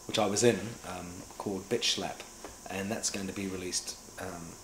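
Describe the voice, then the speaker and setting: A middle-aged man with a New Zealand accent, an actor and director telling lively anecdotes about his career in an interview. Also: sits low, moderate pace, background noise. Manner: animated storyteller who acts out remembered dialogue. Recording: echoey room with faint ambience.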